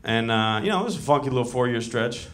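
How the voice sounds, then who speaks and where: A man's voice: mid-range voice, expressive, fast talker. A man doing a stand-up routine on a club stage, talking in a loose, profane, conversational way and often asking "you know what I'm saying". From Cincinnati, United States. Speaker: stand-up comedian. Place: comedy club stage with a laughing audience. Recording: live club recording, loud audience laughter.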